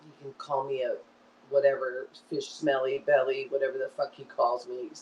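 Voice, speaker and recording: A woman's voice: extremely low pitch, level tone, moderate pace, a little mellow, roomy sound, distant mic, dull audio. Heated fifties woman streamer, swears, repeats herself, sits away from the mic with faint hiss. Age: 50s. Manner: angry, repetitive, swearing. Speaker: online show host. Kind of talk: emotional livestream rant.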